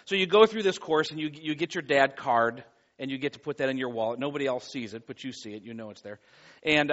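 High-voiced earnest male pastor preaching. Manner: earnest, builds loud and animated in stories. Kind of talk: sermon with prayer and storytelling. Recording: dull lo-fi sound.

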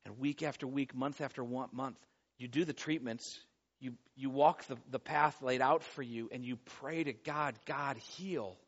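A man preaching a sermon, pleading loudly and then dropping to a hush, often repeating words as he goes. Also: mid-range voice, steady tone, moderate pace. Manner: impassioned, swings from loud pleading to hushed. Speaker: pastor. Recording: dull lo-fi recording.

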